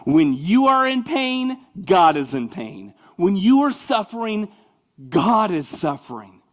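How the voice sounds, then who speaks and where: Guy preaching a sermon, kinda high voice, bounces all over, chatty with sarcastic asides. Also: slow. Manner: animated, conversational preaching with mocking asides. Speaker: pastor.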